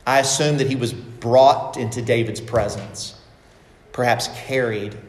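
A man's voice: medium pitch, measured pace. A man preaching a sermon, expressively acting out the quoted lines of the story. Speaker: pastor. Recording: echoey hall with long reverb.

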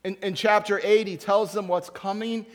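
A man with a high voice preaches a sermon in a loose, conversational way. He slips into short acted asides as different Bible characters while he tells the story. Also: steady tone, normal speed. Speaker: pastor.

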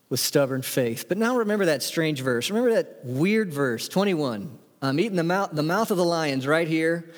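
A man's voice: on the high side, in a large hall. A man preaching a sermon, reading scripture aloud with emphatic delivery. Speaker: pastor.

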